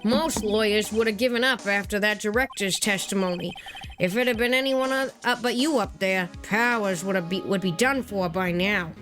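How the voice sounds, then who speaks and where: A woman's voice: mid-range voice, normal speed, a bit bright, faint music behind, pitched below the performer's own voice, natural voice. A woman voicing a friendly male police detective, reading video game dialogue aloud in a chummy, casual way.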